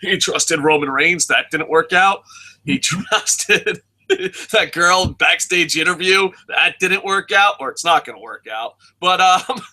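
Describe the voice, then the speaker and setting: A man co-hosting a wrestling podcast in loose, casual chat. His voice is very bright and sits fairly high for a man. He rants with excitable energy and heavy profanity. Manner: profane, excitable ranting with frequent laughs.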